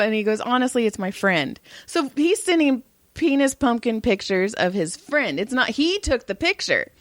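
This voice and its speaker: A woman's voice: high-pitched, normal speed, no room sound. A woman in her thirties co-hosting a podcast, telling a story with lots of swearing and laughter. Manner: profane, animated storytelling, laughing. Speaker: podcast co-host. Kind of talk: casual chat.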